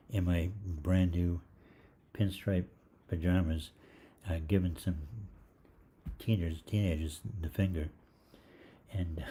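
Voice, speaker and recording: A man, middle-aged, telling a rambling funny story in casual talk, halting with fillers and restarts and acting out the other voices. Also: low voice, mellow, a little hiss or hum. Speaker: online health show host.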